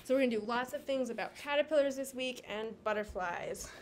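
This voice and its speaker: High-voiced woman teaching young children. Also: fairly quick, slight background noise. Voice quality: gentle, encouraging, occasionally losing her place. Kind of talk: children's lesson, talking to camera. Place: home with a carpet.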